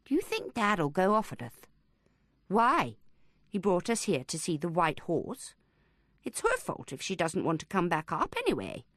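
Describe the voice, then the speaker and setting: Woman reader doing eight-year-old twin boys, cheeky, bickering, high childish voice, very lively pitch, dry close audiobook sound. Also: unhurried, no room sound, heavily acted. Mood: worried.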